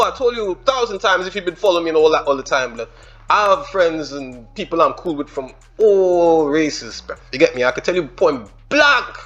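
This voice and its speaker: Reaction host: guy, high lively voice, slangy and excited, faint music behind. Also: highs cut off. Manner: excited, slangy, rambling breakdown of lyrics. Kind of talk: casual reaction commentary.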